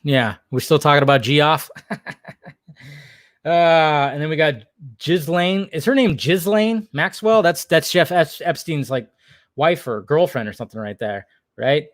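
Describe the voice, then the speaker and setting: A man's voice: fairly high pitch, measured pace, no echo, clean studio sound. A young man hosting a casual livestream, reading chat and rambling, jokey and full of swearing.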